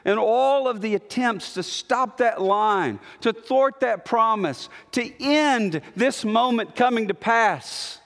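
A man preaching a sermon, building emphatic repeated declarations and then dropping to a hushed tone. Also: very high voice, slow pace, hardly any pauses. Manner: emphatic, repetitive declarations, swings from loud to hushed. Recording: long hall reverb.

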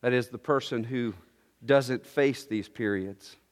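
A man's voice: medium pitch, a little slow. A man preaching a sermon, earnest and teaching, often restarting his phrases. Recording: long hall reverb.

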